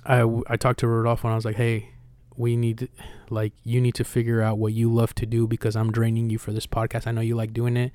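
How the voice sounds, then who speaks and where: A man's voice: mid-range voice, monotone, fast, few pauses, darkish tone, no echo. Candid, slangy male podcast host. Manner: candid, swears casually, slangy; acts out retold dialogue with energy. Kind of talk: casual podcast conversation.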